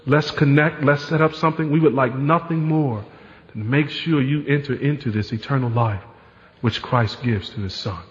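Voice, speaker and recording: A man's voice: medium pitch, moderate pace. A man preaching a sermon as pastor, in a conversational way with frequent rhetorical asides. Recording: dull sound with long hall reverb.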